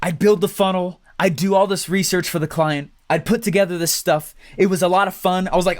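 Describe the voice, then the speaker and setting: A man teaching an online business training, talking fast and animated, often checking in with "right?" and "okay?". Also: fairly high pitch. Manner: fast, animated, acts out quoted clients; keeps tagging lines with "right?" and "okay?". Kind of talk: energetic training talk to viewers.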